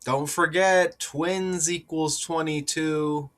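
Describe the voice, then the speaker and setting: Slow, insistent man explaining number patterns. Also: a little high. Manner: slow, deliberate, rising to excited insistence; repeats points with rhetorical asides. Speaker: sports numerology commentator. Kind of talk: casual solo commentary.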